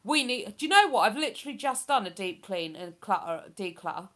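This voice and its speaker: A woman's voice: mid-range voice, expressive, fairly quick, a bit bright. A woman with a chatty, rambling manner, hosting a casual live stream and reading out viewer comments. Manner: chatty, rambling, with many fillers.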